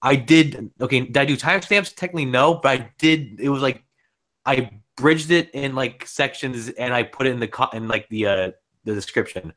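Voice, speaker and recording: A man's voice: mid-range voice, moderate pace, a bit bright. Rambling man hosting a podcast. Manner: rambling, many restarts. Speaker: podcast host. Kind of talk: casual livestream chat.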